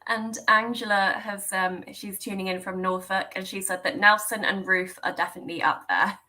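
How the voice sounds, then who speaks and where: A woman's voice: mid-range voice, steady tone, normal speed, pushed and bright, low-quality recording. A woman hosting a live online Q&A on a video call, friendly, with lots of ums and laughs. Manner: friendly, frequent ums, giggly. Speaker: host.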